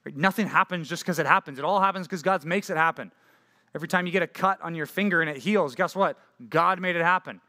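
Animated young man preaching. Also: on the high side, fast. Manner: animated, conversational preaching with rhetorical questions. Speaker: youth pastor. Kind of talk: sermon to junior high students.

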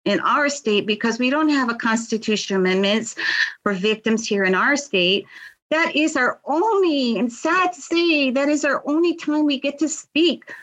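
A woman's voice: high-pitched, expressive, moderate pace, a bit bright, rough recording. A middle-aged woman, telling her story in an interview, earnest and impassioned, often repeating words. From Hawaii. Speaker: victims' advocate, guest.

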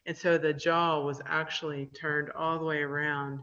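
A woman's voice: low-pitched, little pitch movement, normal speed, a bit bright. A woman veterinarian telling stories in a radio interview, chatty and laughing, with many ums and uhs. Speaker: veterinarian guest. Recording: dull lo-fi radio audio.

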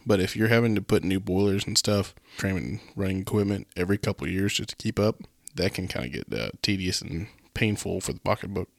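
A man's voice: low-pitched, a little fast, vocal fry, no room sound, clean studio sound. A man co-hosting a podcast, thinking aloud in a hesitant, musing way with lots of fillers. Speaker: podcast co-host. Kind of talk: casual podcast chat.

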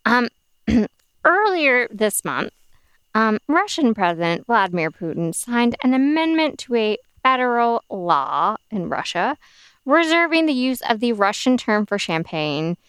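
A woman's voice: fairly high pitch, big pitch swings, unhurried, fairly bright tone, smooth, no echo. Tipsy, chatty woman podcast host. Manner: chatty, scattered with fillers. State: a little tipsy from wine. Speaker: podcast co-host presenting drinks news. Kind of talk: casual chat.

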